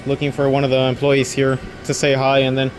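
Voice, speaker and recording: A man's voice: mid-range voice, completely flat delivery, a little fast. A young man working an overnight store shift, talking casually to camera in a rambling, earnest way that repeats itself. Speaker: overnight convenience store clerk.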